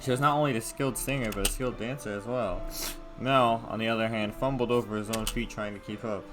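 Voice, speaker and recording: Guy reading a visual novel out loud, jokey asides, game music in the back. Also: on the low side, steady tone, fast talker. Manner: casual, joking asides. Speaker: gameplay video host.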